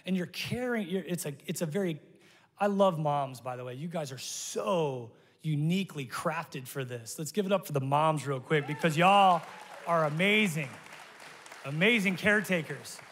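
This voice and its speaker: A middle-aged man preaching a sermon as pastor, energetic and jokey, talking straight to his congregation. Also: on the high side, normal speed, some chatter behind. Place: large church hall. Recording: long reverb of a large hall.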